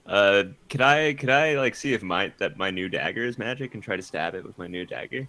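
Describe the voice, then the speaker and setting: A man plays in a tabletop session over voice chat. His voice is low yet bright and lively in pitch, and he laughs and asks rules questions as he goes. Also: a little fast, no room sound. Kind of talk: casual play over voice chat.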